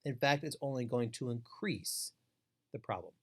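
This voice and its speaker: A man's voice: mid-range voice, expressive, normal speed. Emphatic man giving a training webinar. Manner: emphatic, repetitive, instructive. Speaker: foster care trainer. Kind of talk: webinar lecture.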